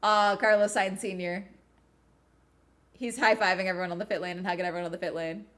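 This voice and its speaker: A woman streams a live watch-along in a mid-pitched voice, talking casually to her viewers. She is chatty and excitable, cheering loudly at big moments and swearing freely. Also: brisk.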